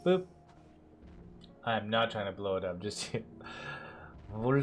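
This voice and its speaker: A man's voice: lowish voice, takes it slowly, faint music behind. A man streaming a role-playing game, joking casually and swearing when things go wrong. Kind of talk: casual gaming livestream chat.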